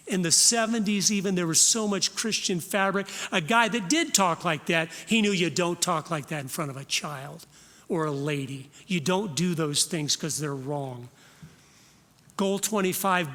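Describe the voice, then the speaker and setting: A man's voice: a little high, fairly bright tone, big-room sound. A man in his fifties, from Florida, giving an earnest, direct talk at a Christian conference. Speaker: conference speaker.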